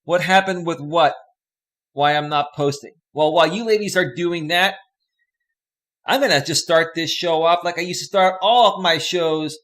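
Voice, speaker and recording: Hosting a relaxed live stream from his home green-screen setup with a desk microphone, a Northern California man talks to viewers in a fairly high, fairly bright voice at normal speed. He's chatty and upbeat, wandering from topic to topic and reading comments aloud.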